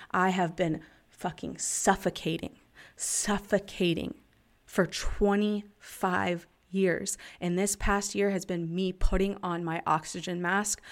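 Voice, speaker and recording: A woman in her thirties hosting a casual podcast, talking candidly with frequent swearing and laughter, and guiding listeners through breathing exercises. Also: on the low side. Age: 30s. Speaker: podcast host and life coach. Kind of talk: casual confessional podcast talk.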